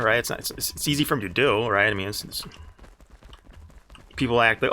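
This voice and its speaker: A man's voice: on the low side, animated, fairly quick, sharp tone. An American man streaming a game live, rambling in casual talk full of restarts and "right?" asides, with an exasperated edge. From United States.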